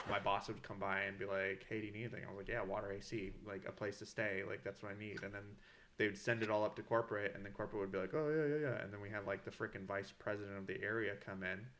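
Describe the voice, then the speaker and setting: A man's voice: on the low side, fairly bright tone. A young man co-hosting a casual podcast, telling stories full of swearing and quoted dialogue. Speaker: podcast co-host. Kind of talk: casual chat.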